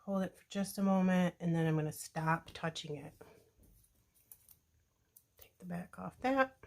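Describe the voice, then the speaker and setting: A woman hosting a crafting video, talking casually to viewers in a relaxed, chatty way while working with her hands. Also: on the low side, a little slow. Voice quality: relaxed, chatty, self-deprecating asides.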